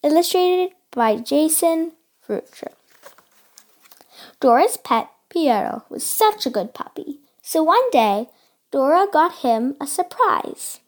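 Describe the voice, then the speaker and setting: A woman's voice: high-pitched, expressive, takes it slowly. A woman reading a children's storybook aloud, carefully and with small slips. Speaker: storybook reader.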